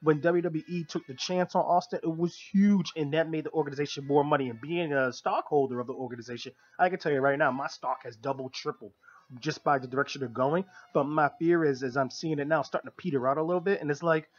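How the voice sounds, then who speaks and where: A man's voice: fairly high pitch, fast talker. A man co-hosting a radio talk show, giving long, opinionated explanations in casual chat. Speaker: co-host of a wrestling review show. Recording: lo-fi radio broadcast.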